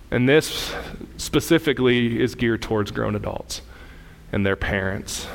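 A man in his thirties delivers a sermon, talking straight to his congregation. He tells family stories with animated energy, his voice climbing higher and louder. A long church-hall reverb trails each phrase. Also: a little slow, gravelly. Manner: animated storytelling, rising loud and high in anecdotes. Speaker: pastor. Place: church sanctuary.

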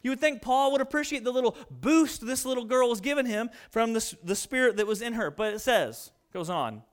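A man in his thirties preaching a sermon, reading scripture and telling funny family stories with animated delivery. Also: very high voice, fairly quick. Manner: storytelling, humorous and animated. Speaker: pastor.

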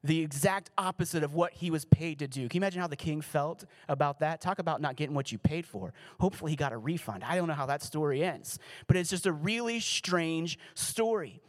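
A man's voice: a little high, brisk, hardly any pauses. A man giving a sermon as pastor, reading scripture and adding casual, joking asides.

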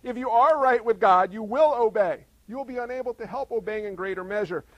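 A man's voice: high-pitched, brisk, no echo, muffled recording. A middle-aged male pastor preaching a sermon in a conversational way, firing off rhetorical questions.

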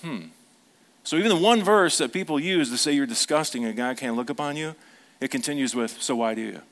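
A man's voice: on the high side, fairly quick, a bit bright. A middle-aged man preaching a sermon as pastor, in a conversational way, telling family stories and putting questions to the congregation.

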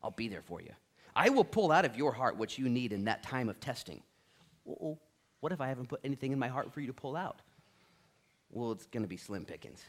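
Animated preaching man, lively pitch. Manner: animated, conversational preaching with acted-out dialogue. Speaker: pastor. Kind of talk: sermon.

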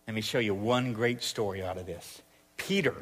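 Folksy Southern preacher in a hall. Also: male voice, lowish voice, moderate pace, fairly bright tone. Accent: Southern US (Arkansas). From Arkansas, US. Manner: folksy, jokey, repetitive preaching cadence. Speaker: pastor. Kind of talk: sermon.

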